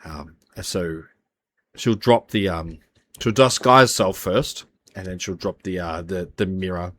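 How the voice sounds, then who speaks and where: A man's voice: low voice, a little slow, fairly bright tone, no echo. A man narrating as game master, loose and full of fillers.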